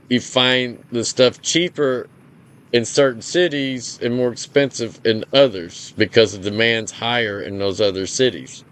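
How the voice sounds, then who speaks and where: A man hosting a gaming channel, reading out game details in casual commentary, blunt and profane, often stumbling over numbers and restarting. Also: mid-range voice. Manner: blunt, profane, complains openly.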